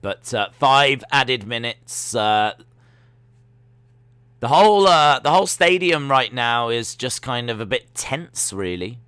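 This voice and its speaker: A man hosting a live football watch-along, reading out viewer comments and reacting with loud excitement to the play. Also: medium pitch, slow, clean tone, no room sound. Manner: reads viewer comments, excitable shouting at goals.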